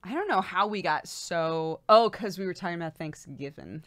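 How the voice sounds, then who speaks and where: A woman co-hosts a casual livestream. Her voice is fairly low but bright, and her pitch moves a lot. She giggles often, reads bits of articles aloud, and the recording is close and dry. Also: expressive, moderate pace, no echo. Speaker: livestream co-host. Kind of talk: casual chat, reading aloud.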